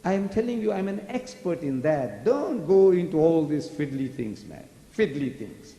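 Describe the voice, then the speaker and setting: An older man with a South African accent giving a public religious lecture, animated and full of mocking rhetorical questions. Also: on the high side, normal speed. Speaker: preacher. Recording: echoey hall recording.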